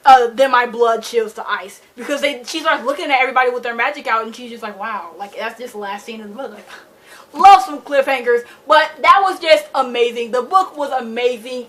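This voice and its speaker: A young woman from Michigan with a slightly high voice retells a fantasy plot in a loose, excited ramble. She is a book vlogger talking straight into her camera's mic, full of fillers and dramatic asides. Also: a little hiss or hum. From Michigan, USA. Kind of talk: casual book review ramble.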